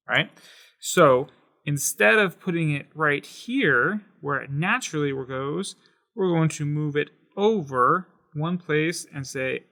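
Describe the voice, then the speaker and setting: Enthusiastic male Spanish teacher, a touch high, bright tone, patient explainer. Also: lively intonation. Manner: patient, enthusiastic explainer, slows to sound out words. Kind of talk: explaining at a whiteboard.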